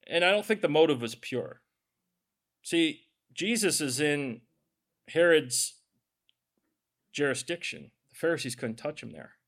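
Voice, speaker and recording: Lively, animated male preacher. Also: on the high side, measured pace, long pauses. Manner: conversational and joking, with sarcastic asides. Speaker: pastor. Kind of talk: sermon.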